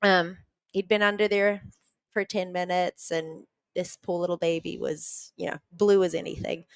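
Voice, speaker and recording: A woman from New Zealand, a podcast guest, earnestly retelling a personal story with quick restarts. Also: fairly low pitch, flat delivery, gravelly, no room sound.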